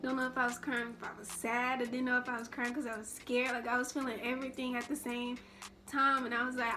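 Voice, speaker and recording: A woman's voice: fairly high pitch, little pitch movement, quick pace, music in the background. A young woman telling a personal story in a casual storytime vlog, rambling and full of restarts. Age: young adult. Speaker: vlogger.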